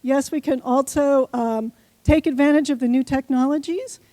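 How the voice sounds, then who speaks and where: Her voice sits high yet carries a dark, steady tone, delivered at a moderate pace with no echo. Speaking from the stage of a conference hall, she gives a brief talk and leads the crowd in improv, teasing them into joining.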